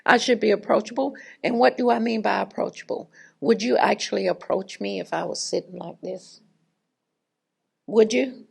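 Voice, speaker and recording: A middle-aged woman with a raspy voice, giving a chatty, humorous faculty talk to an audience. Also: medium pitch, moderate pace, darkish tone. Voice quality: raspy, gravelly voice. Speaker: faculty speaker. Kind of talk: conversational lecture with anecdote.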